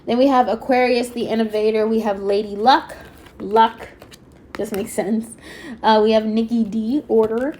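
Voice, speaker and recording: Woman tarot reader, fairly high voice, excitable chatty delivery, slightly stuffy nose, faint background noise. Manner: chatty, excitable, fast-talking with many fillers. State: a little stuffy-nosed. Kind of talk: pick-a-card tarot reading.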